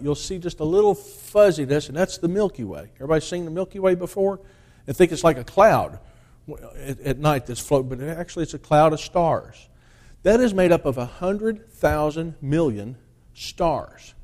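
Man preaching, slightly high voice, sermon, forceful scripture reading. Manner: reads scripture aloud in a rising, forceful cadence, then explains in plain talk.

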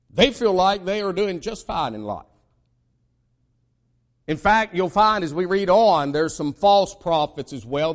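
Preacher, male, American, slightly high voice, emphatic sermon delivery with big pitch swings and stumbling restarts. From United States. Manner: emphatic preaching with many repeated starts and dramatic pitch swings.

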